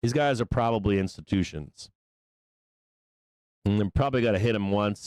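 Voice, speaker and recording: Male trading-show host, low and smooth-voiced, profane and excitable, dry close recording. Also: normal speed, dry recording. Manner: profane, excitable, loose trader talk. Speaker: stock market show host. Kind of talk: live trading commentary.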